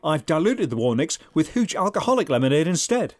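A man co-hosting a podcast with a dry, deadpan, sweary delivery. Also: on the high side, brisk, dry recording. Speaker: podcast co-host. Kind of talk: casual chat with scripted intro.

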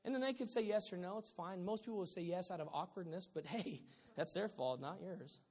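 A male pastor preaches with a high, bright voice that swings from quiet asides to loud bursts. His delivery is lively and humorous. The sound rings with the long reverb of a large church sanctuary. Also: brisk. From Southern California. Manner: animated, joking preacher with sudden loud bursts. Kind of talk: sermon.

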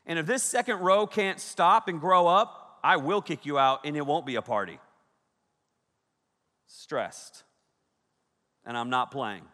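A youth pastor in his thirties preaching to a large crowd, his voice bright and fairly high for a man. He tells stories with animated energy, shouting out the lines he quotes. The hall gives his words a long, echoing reverb. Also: normal speed, few pauses. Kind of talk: youth sermon. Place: large hall with a big audience.

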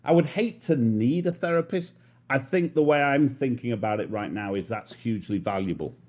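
Husky self-mocking British man. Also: medium pitch, a little fast, darkish tone. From Britain. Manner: self-mocking, laughs often. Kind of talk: casual chat.

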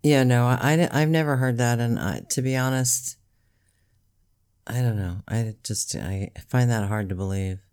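Smooth-voiced, dryly sarcastic podcaster. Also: mid-range voice, normal speed, a little mellow. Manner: dry, teasing sarcasm. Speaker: podcast co-host. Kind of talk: casual chat.

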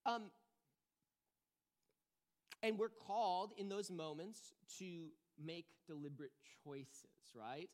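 A pastor teaching a conversational sermon, chatty and self-deprecating, full of restarts and fillers, often checking in with "right?". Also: medium pitch. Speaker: pastor teaching a discipleship series.

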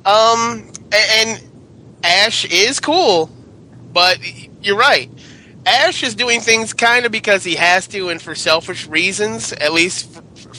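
A man hosting a casual panel chat, excitable and swearing freely as he calls for votes. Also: high-pitched, slight background noise. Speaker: podcast host.

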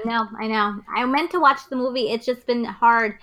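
A woman's voice: a little high, moderate pace, a crowd in the background. A woman co-hosting a casual podcast chat, mostly giving brief reactions.

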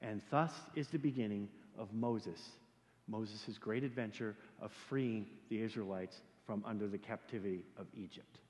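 A male pastor preaching a sermon in a church, animated and joking, often repeating words as he starts sentences. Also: lowish voice, moderate pace. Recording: echoey hall reverb.

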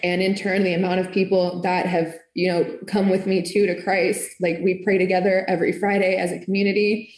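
A woman's voice: on the low side, little pitch movement, fairly quick, hardly any pauses, a little mellow. A woman giving a casual personal faith testimony, earnest and emotional, with lots of "like" in her speech. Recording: echoey room.

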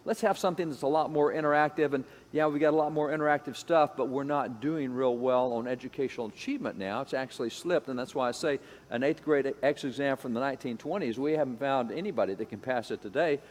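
A man's voice: mid-range voice, fast, hardly any pauses. A man giving an emphatic lecture-style talk, repeating phrases and acting out the voices he quotes. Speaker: speaker on education history. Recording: long hall reverb.

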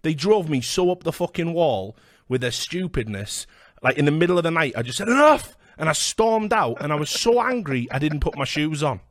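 A man's voice: fairly high pitch, expressive, no echo, clean studio sound. A man hosting a podcast, telling sweary stories and acting out what people said. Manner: fast sweary anecdotes, acts out quotes. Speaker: podcast host. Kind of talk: casual storytelling chat.

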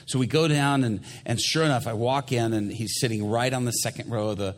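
A man's voice: mid-range voice, brisk, in a large hall. A male pastor preaching a sermon, telling a story animatedly and acting out the people in it.

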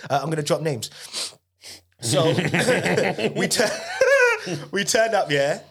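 A young man telling comedy stories in a casual podcast chat, animated and laughing often, with street slang. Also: sits high, takes it slowly, vocal fry, slightly rough. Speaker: guest comedian.

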